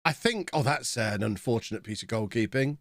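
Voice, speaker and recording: A man's voice: medium pitch, animated, brisk, no echo. A man in his thirties, chatting casually with viewers while reacting to a live game stream.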